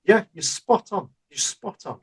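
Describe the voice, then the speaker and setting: A man's voice: sits high, expressive, measured pace, breathy edge, poor audio. A man co-hosting a podcast. He talks in an easy, chatty way and explains ideas through everyday examples. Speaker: podcast co-host. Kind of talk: casual chat.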